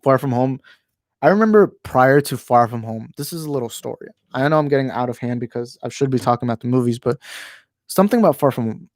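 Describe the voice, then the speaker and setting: A man's voice: mid-range voice, expressive, fast talker. A man hosting a casual live stream from home speaks into a handheld microphone in a middle-range voice. He rambles, trips over his words and restarts, and often apologizes for his opinions. The sound is dry and close, with no room echo. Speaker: channel host. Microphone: handheld microphone moved closer while talking.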